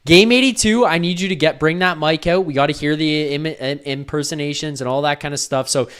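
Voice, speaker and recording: A man's voice: fairly high pitch, brisk, a bit bright, smooth. A man hosting a hockey postgame call-in show, chatting easily with a caller and wrapping up the call. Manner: easygoing, laughs along with caller.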